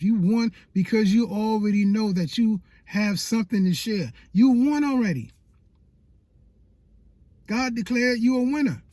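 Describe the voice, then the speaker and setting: A man's voice: high-pitched, dark tone, dry recording. A man giving a faith-based motivational talk as a YouTube coach, emphatic and repetitive like a preacher.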